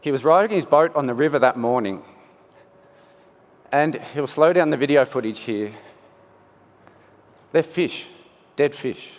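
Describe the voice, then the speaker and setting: A middle-aged man tells a story from a conference stage, building suspense through quoted dialogue. His mid-pitched voice carries a long reverb from the large hall. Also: lively intonation, a little slow, pauses often. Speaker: conference speaker.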